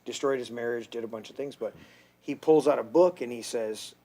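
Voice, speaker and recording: A man's voice: medium pitch, brisk, dark tone. A man hosting a casual podcast, rambling through stories and swearing freely. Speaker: podcast host. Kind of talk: casual chat.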